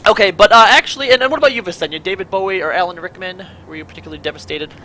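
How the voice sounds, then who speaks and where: A man's voice: high voice, rapid-fire, sharp tone, low-quality recording. A man hosting a casual panel chat, asking his guests questions and rambling through his own musings. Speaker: podcast host.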